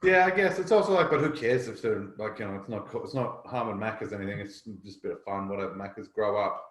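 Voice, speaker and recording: An Australian man co-hosts a podcast, trading casual, blunt, opinionated banter. His voice is fairly low and his pace quick, and the room sounds echoey.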